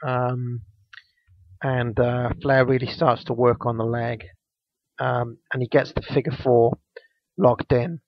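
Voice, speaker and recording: A man's voice: mid-range voice, level tone, slow, long pauses, no room sound. A man, casually recapping a wrestling match on a podcast, rambling with lots of ums and restarts. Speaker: podcast co-host. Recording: dull, lo-fi dry podcast mic.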